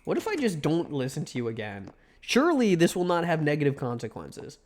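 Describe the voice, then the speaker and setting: Animated, joking male game streamer. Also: a little high, fairly quick. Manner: joking, swears often, talks back to the game. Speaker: live streamer playing a video game. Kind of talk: casual gameplay commentary.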